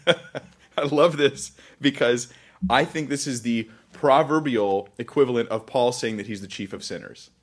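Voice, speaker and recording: A male pastor teaching scripture in a chatty, self-deprecating way, with frequent laughs. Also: fairly low pitch. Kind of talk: conversational Bible teaching.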